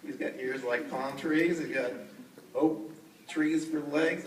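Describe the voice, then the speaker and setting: A man's voice: medium pitch, a little slow, roomy sound, far from the mic, slight background noise, poor audio. A man narrating a puppet show for children in a playful way, speaking to the young audience. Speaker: puppeteer storyteller. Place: outdoor fair.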